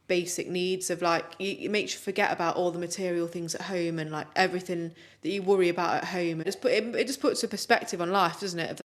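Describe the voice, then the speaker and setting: A young woman co-hosts a casual podcast, talking in an upbeat, chatty stream full of fillers. Her voice sits on the lower side for a woman. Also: steady tone, fast, few pauses. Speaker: podcast co-host.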